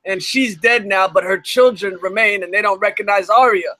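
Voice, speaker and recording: High bright man with a hoarse voice. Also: normal speed, poor audio. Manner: excited, animated storytelling. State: losing his voice. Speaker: co-host. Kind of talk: casual live-stream chat.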